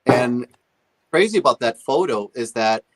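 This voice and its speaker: A man's voice: medium pitch, a little slow. A man guesting on a talk show, casually telling stories and acting out other people's voices. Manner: animated, acts out the voices of others. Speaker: guest musician. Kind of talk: casual storytelling.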